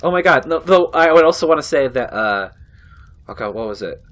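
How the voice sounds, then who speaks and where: A man's voice: on the high side, expressive, brisk, fairly bright tone. A man casually chatting and joking while watching a game being played, swearing freely, laughing often and trailing off into fillers. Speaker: co-commentator on a game playthrough. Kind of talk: casual gaming banter.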